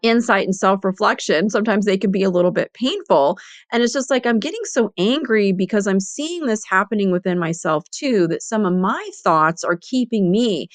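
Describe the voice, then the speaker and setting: A woman's voice: medium pitch, animated, normal speed, no echo. A woman in her fifties hosting her own podcast, telling a candid story in a chatty way with lots of "you know". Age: 50s. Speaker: podcast host and business coach. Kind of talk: casual solo podcast storytelling.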